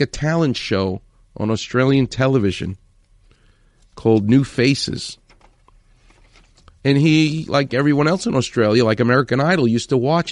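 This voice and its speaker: Animated male storytelling host. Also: a little high, dry recording, clean studio sound. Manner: animated, enthusiastic retelling with acted quotes. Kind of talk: storytelling commentary.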